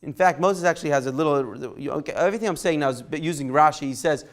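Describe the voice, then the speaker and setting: Guy teaching a torah class, slightly high voice, chatty, keeps asking "right?". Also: fast talker, few pauses. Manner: conversational, takes questions by name, asks "right?". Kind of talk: informal Torah lesson.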